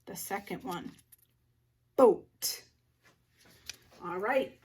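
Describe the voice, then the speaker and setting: A woman who teaches first grade leads a phonics lesson for young children, sounding out words slowly with little gasps of discovery. Her voice is fairly high and far from the mic.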